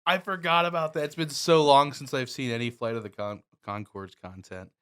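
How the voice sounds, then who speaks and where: A man's voice: medium pitch, fairly even intonation, brisk, fairly bright tone, clean tone. A man co-hosting a podcast in casual chat, laid-back, swearing freely and laughing easily. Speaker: podcast co-host.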